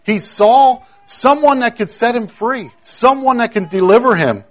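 A man preaching a sermon, emphatic, repeating key phrases and swinging between loud declarations and hushed moments. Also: extremely high pitch, animated, unhurried, soft background music. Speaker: pastor.

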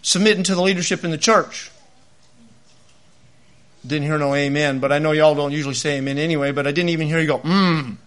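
A middle-aged man preaching a sermon, telling stories and acting out the voices of the people in them. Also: high-pitched. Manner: animated, acts out voices in his stories. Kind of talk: sermon with storytelling.

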